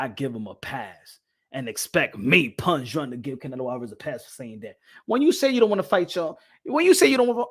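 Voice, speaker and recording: Here a man's high, fairly bright voice carries a fiery, foul-mouthed, mocking boxing rant aimed at the camera, punctuated by frequent laughter. He's the host of the commentary show.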